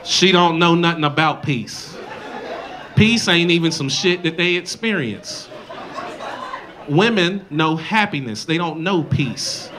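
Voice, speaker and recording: Male stand-up comic, high-pitched, animated delivery, live club mic with a laughing crowd. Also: slow, background noise. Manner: loud, animated, swings into mocking voices. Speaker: stand-up comedian. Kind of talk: stand-up comedy set. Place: comedy club stage with live audience.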